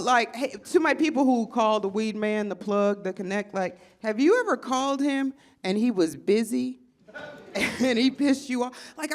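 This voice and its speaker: A woman doing stand-up comedy, loud and profane, laughing at her own jokes. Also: high voice, background noise. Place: live comedy show before an audience.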